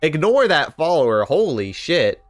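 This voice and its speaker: A man live-streaming a game, chatting casually with viewers, animated and swearing freely. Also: on the high side, measured pace, soft background music. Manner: animated, swears, talks to chat.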